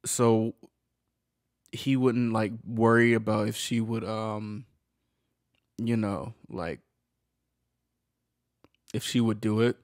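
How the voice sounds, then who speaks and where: Halting young-sounding man reacting casually. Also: fairly low pitch, fairly even intonation, dry recording, studio quality. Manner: halting, filler-heavy slang talk. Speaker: reaction video host.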